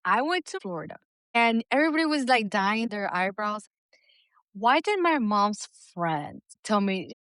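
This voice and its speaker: A woman's voice: medium pitch, very animated, a little slow, a bit bright, no room sound. A woman co-hosting a podcast in casual chat, candid and swearing freely as she acts out little stories. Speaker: podcast co-host.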